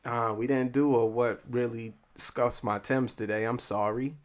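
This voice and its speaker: A man's voice: mid-range voice, fairly even intonation, a little slow. Laid-back male podcast co-host. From Boston. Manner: laid-back, swearing, laughs often. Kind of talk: casual podcast banter.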